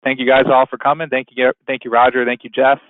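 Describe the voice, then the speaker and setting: A man's voice: medium pitch, little pitch movement, quick pace, no room sound. Guy hosting a webinar, rambly, lots of you-knows, sounds like a phone line, dead dry. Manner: rambling, many "you know" fillers. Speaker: webinar host. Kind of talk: casual webinar talk.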